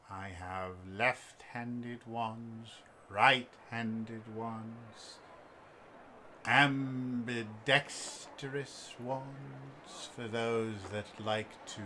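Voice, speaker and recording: A man voicing an elderly, droopy male elf shopkeeper in a tabletop role-play, with a slow, drawn-out sales patter. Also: mid-range voice, sharp tone, slight background noise, full character voice. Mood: eager.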